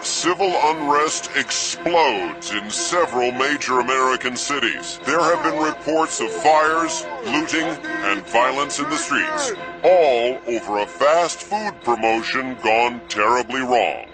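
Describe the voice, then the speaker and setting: A man's voice: medium pitch, expressive, slow pace, hardly any pauses, over music, low-quality recording. A man reading mock news narration in a grave announcer delivery.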